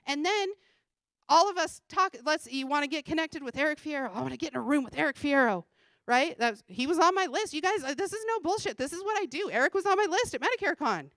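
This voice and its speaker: High-voiced blunt woman coaching from a stage. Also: animated, fast, fairly bright tone, no echo. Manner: blunt, casual, swears freely, laughs often. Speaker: conference speaker and sales coach. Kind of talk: energetic motivational conference talk. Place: conference stage before a live audience.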